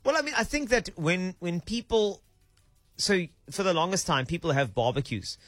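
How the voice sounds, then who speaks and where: A man's voice: high voice, lively intonation, moderate pace, a bit bright, dry recording, soft background music. A young adult man with a South African accent, hosting a radio breakfast show in casual banter, often putting on a playful, mock-official tone.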